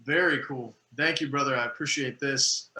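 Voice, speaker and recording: A man speaking softly and haltingly as a player in a tabletop game. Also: mid-range voice, fairly even intonation, roomy sound, rough recording. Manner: soft-spoken, halting. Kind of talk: casual play talk.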